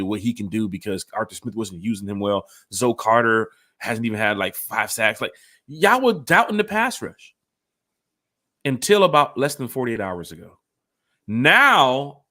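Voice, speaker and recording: Animated man hosting a fan podcast. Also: mid-range voice. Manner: animated, rambling, talks straight to his co-host. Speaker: podcast host. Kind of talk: casual sports fan chat.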